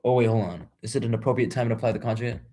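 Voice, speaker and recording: A young vlogger works through math homework on camera in a small room, casually thinking aloud to himself and his viewers. He mutters and trails off, talking rapid-fire in a mellow, medium-pitched voice.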